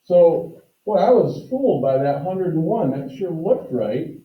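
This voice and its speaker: A man's voice: on the high side, lively intonation, a little slow. A male math teacher giving a classroom lecture, explaining step by step and talking directly to his students. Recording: roomy, distant, dull classroom audio.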